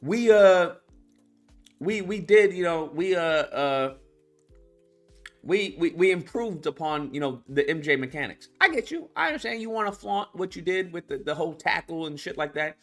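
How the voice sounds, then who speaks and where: Profane ranting man, lively high voice. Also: normal speed, soft background music. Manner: profane, heated ranting with many restarts. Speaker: commentary channel host. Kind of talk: ranting game commentary.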